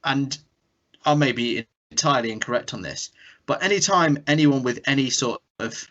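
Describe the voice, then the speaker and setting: A man's voice: mid-range voice, normal speed, fairly bright tone. An English man co-hosting a cartoon podcast in casual chat, musing and hedging his opinions. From England. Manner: musing, self-doubting, hedges his opinions. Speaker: podcast co-host. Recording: dull lo-fi podcast audio.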